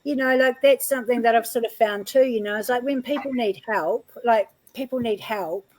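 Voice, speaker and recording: A woman's voice: on the high side, normal speed, low-quality recording. Chatty woman telling a story. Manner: chatty, laughing, lots of fillers. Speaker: guest healer. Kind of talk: casual storytelling chat.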